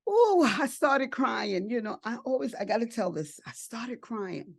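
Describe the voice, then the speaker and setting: A woman's voice: on the high side, big pitch swings, a little slow, creaky, no echo. An older woman, an adoptive and foster parent, telling her story emotionally at a family support event, with repeated phrases and acted-out quotes.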